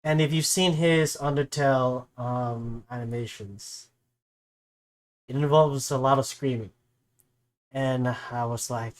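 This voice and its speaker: A man's voice: mid-range voice, fairly even intonation, takes it slowly, pauses often. Young male streamer, casual and rambling reaction talk. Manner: rambling, with many fillers.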